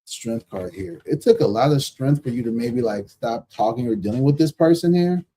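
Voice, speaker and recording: A man's voice: medium pitch, animated, normal speed, mellow, breathy edge. A man in his thirties giving a live tarot reading in casual, slangy talk, blunt and profane, repeating himself for emphasis and laughing often. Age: 30s. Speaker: tarot reader hosting a live stream.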